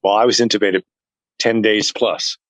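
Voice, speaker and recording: A man telling a personal story to an interviewer in a casual chat, earnest and animated, acting out what others said. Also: fairly low pitch, moderate pace, dry recording, low-quality recording. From family heritage is Norwegian. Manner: earnest, animated retelling that acts out other people's lines. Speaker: interview guest.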